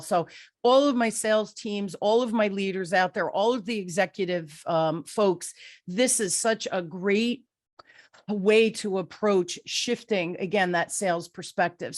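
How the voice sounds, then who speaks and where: A woman's voice: mid-range voice, no echo, clean studio sound. A woman hosting a podcast interview, telling stories with enthusiasm and exclaiming freely. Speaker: podcast host. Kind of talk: casual interview chat.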